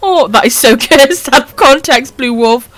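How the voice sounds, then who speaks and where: A woman's voice: high voice, normal speed, a bit bright, dry recording. A Welsh woman live-streaming a game, reading chat comments with affectionate pet names, frequent swearing and lots of laughter. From Wales.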